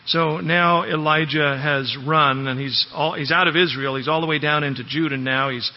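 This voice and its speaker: A pastor preaching a conversational sermon, verse by verse, often turning to the congregation with rhetorical questions. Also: male voice, a little high, steady tone, normal speed. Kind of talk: expository sermon. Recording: long hall reverb, dull lo-fi sound.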